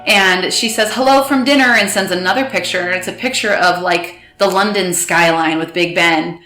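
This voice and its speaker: Woman telling her story on a podcast, bright tense voice, kinda echoey room. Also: on the low side, faint music behind. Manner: halting, restarts, quotes others in bursts. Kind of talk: emotional personal storytelling.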